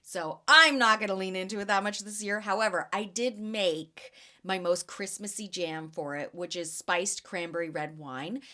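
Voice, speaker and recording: A young woman hosts a casual podcast, her bright, forceful voice bouncing through chatty stories full of fillers. Her tone is lively and animated as she rambles about her week. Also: mid-range voice, moderate pace. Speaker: podcast host and jam vendor. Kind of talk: casual chat.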